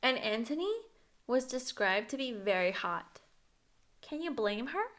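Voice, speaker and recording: A woman's voice: a little high, animated, a little slow, a bit bright. A woman co-hosting a podcast, chatting casually about a book and retelling scenes with acted-out quotes. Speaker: podcast co-host.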